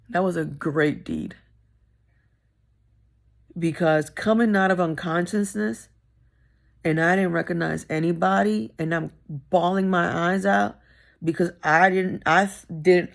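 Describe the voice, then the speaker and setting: A woman's voice: lowish voice, vocal fry. A middle-aged woman telling a personal story in a vlog, candid and emphatic, repeating phrases for stress. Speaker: vlogger.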